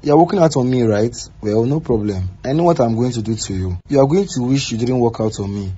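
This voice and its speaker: A man with a Nigerian accent voicing a controlling husband in a cartoon, talking in a domineering, threatening way, husky voice. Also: mid-range voice, fairly quick, mellow, natural voice. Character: controlling, abusive young husband. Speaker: voice actor. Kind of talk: cartoon voice acting. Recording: dull lo-fi recording.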